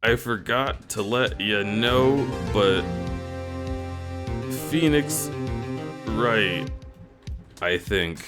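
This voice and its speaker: With game music in the background, a man streams a video game and talks to his viewers in a silly, teasing way. His lowish voice moves extremely slowly, with frequent pauses.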